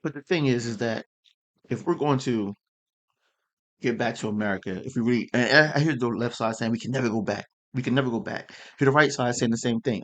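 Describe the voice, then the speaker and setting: A man's voice: medium pitch, fairly quick, fairly bright tone. Man ranting with heated rhetorical questions. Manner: rambling and heated, uses rhetorical questions and slang. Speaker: online commentator. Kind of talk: political rant.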